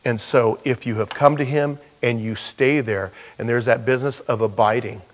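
A man's voice: medium pitch, fairly even intonation, moderate pace, in a large hall. An older man, a pastor and grandfather, preaching a sermon in a conversational, folksy way with asides.

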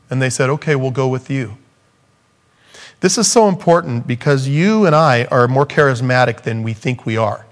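In his sermon, a man acts out the scripture quotations, going higher in pitch for emphasis and falling low when he reaches key points.

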